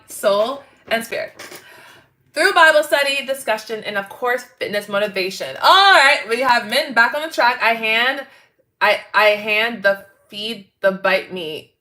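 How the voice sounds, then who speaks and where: A woman's voice: a little high, measured pace, bright, forceful tone. A woman from Canada, hosting a casual livestream chat with viewers in a bubbly, chatty way and laughing often. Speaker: host.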